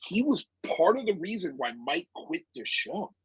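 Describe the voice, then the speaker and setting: A man in casual chat who talks in a rambling way and tells the other speaker to calm down. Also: high voice, moderate pace, breathy edge, no echo.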